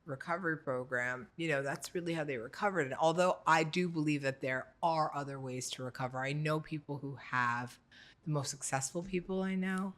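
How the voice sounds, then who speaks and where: A male podcast host with a bright, forceful voice talks through ideas in a reflective way. He keeps nodding along to his guest with quick affirmations. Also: fairly high pitch. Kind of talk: conversational interview.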